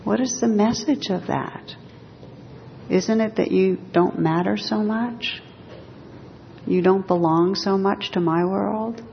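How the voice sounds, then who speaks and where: A woman meditation teacher giving a dharma talk in a gentle, measured, reflective way. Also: medium pitch, creaky, a little hiss or hum. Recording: dull recording in a reverberant hall.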